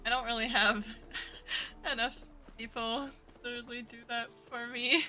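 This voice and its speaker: A young woman VTuber streams a game with game music playing, chatting casually and talking to her viewers in a giggly, rambling way. Her voice is a little high and sharp-toned, with fairly even intonation and an unhurried pace.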